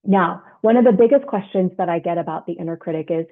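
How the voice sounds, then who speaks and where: A woman's voice: lowish voice, fast talker. A woman leadership coach giving an instructional self-help talk, explaining step by step and often checking in with "right?". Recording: tinny phone-like sound.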